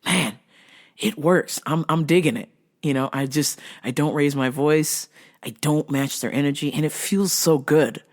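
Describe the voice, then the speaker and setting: A woman's voice: sits low, unhurried. A woman hosting a casual podcast, telling a story with lots of swearing and laughter. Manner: profane, animated storytelling, laughs often, drops to a whisper for calm quotes. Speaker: podcast host.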